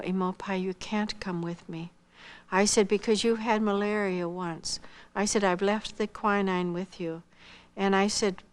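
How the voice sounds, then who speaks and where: An older woman shares her missionary testimony in a mid-range voice, telling her story earnestly. She acts out remembered dialogue and drops to a hush at tender moments.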